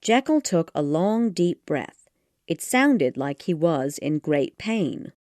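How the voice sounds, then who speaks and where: A woman narrating an audiobook of a classic gothic tale in a steady storytelling manner. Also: low voice, slow pace, no room sound, studio quality.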